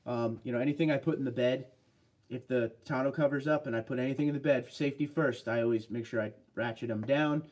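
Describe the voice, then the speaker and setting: A man's voice: medium pitch, fairly even intonation, fast talker, a little mellow. A man hosting a casual livestream, chatting upbeat and rambling as he reads out viewer comments. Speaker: livestream host.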